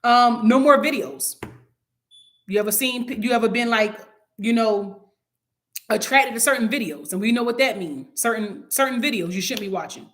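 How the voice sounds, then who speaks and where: A woman's voice: a little high, moderate pace, a bit bright. Woman teaching a casual Bible study. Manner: conversational, preachy, acts out little quoted scenes.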